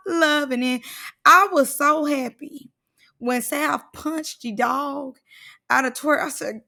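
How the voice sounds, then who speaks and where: A young woman talks through a reality show in a sassy, slang-filled way, animated and full of asides. Her voice sits high and bright, with a gravelly fry running through it. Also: slow. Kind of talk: casual reaction commentary.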